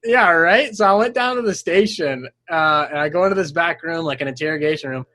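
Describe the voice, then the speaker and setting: A young man with a high-pitched voice tells stories in a loose, animated way, swearing freely and breaking into laughter between sentences. The sound is dry and close on a studio microphone. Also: fairly quick, no echo. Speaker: podcast guest. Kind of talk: casual storytelling chat.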